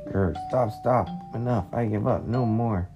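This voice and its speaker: A woman's voice: very deep voice, unhurried, gravelly, dull audio, music in the background, full character voice. A woman doing a blustering salamander king villain. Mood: defeated. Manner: bossy, boastful threats. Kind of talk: picture book read aloud.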